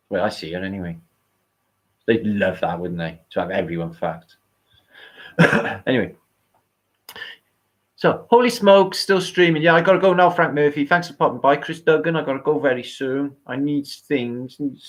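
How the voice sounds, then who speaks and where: A British man winds down a long livestream in loose, meandering talk. He swears freely, drifts between topics and calls out viewers' names as he signs off. His pitch sits in an ordinary middle range. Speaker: livestream host. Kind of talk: casual live-stream chat.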